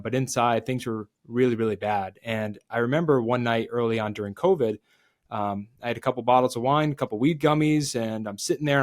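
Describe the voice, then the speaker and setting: A man as a podcast guest, telling a candid, confessional story and dropping quiet and low at the emotional moments.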